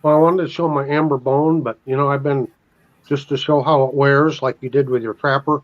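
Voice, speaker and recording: A man's voice: mid-range voice, fairly even intonation, a little fast, muffled recording. A man joining a casual live chat as a guest, joking and laid-back.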